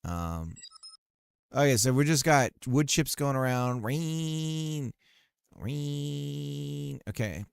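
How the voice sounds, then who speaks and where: A man with a middle-pitched, smooth voice chats loosely with his viewers while building a game. He thinks out loud and trails off mid-thought. The room sound is dry and close to the mic. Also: lively intonation, measured pace, no room sound. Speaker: game developer streaming his work. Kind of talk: casual live-stream commentary while coding.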